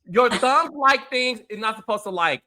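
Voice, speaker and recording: A man hosts a casual reality TV recap in a high, very bright voice. He is blunt and emphatic, leaning into sarcasm. He swears freely while calling out the cast. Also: expressive, normal speed. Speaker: host.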